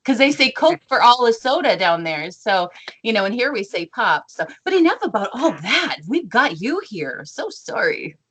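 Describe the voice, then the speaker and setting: A woman's voice: fairly high pitch, very animated, moderate pace, fairly bright tone, slight background noise. A woman with an Upper Midwest accent co-hosting a casual radio talk show, bubbly and rambling as she tells stories. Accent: Upper Midwest American.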